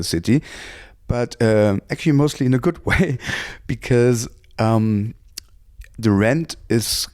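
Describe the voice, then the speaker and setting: German composer in interview, low mellow voice, hesitant and thoughtful. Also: male voice, dry recording, studio quality. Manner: thoughtful, hesitant with many fillers. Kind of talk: reflective interview.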